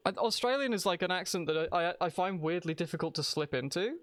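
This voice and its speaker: A man chats loosely while streaming a game, wandering from thought to thought and circling back over his words. His voice is smooth and clear and sits a little high for a man. The sound is dry and close, with no room around it. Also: lively intonation, fast talker, fairly bright tone, no echo. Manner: rambling, restarts sentences, thinks aloud. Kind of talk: casual live-stream chat while gaming.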